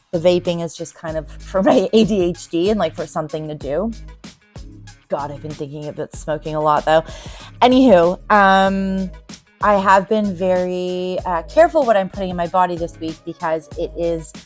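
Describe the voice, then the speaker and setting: A woman's voice: lowish voice, normal speed, faint music behind. A woman in her forties hosting a casual solo podcast as a recovery coach, talking in a candid, rambling way with frequent ums.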